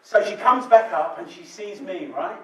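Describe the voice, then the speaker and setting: A male midwife with a high-pitched, animated voice tells a candid, joking story at normal speed to a live audience in a hall. The distant mic catches echo and bursts of audience laughter.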